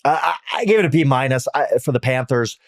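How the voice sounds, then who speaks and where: A man in his ordinary middle register talks sports on a podcast, recorded dry with no room sound. He weighs each grade out loud, restarting sentences as he thinks. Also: medium pitch, animated, dry recording. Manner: conversational, hesitant restarts, measured verdicts. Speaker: sports writer, podcast guest. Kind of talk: casual sports podcast chat.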